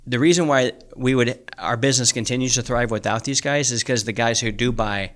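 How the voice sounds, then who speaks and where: A man's voice: medium pitch, steady tone, fairly quick, fairly bright tone. A man co-hosting a podcast, ranting heatedly and swearing often, rambling with many restarts. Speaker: podcast co-host, coach. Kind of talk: heated casual podcast chat. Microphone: studio microphone.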